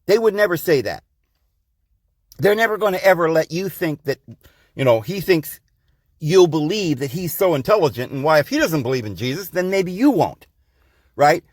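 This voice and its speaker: A man's voice: a little high, big pitch swings, normal speed, long pauses, no room sound, clean studio sound. A man hosting a podcast, delivering a rambling, insistent monologue to his listeners and calling them guys and friends. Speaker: podcast host. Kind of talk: preachy monologue.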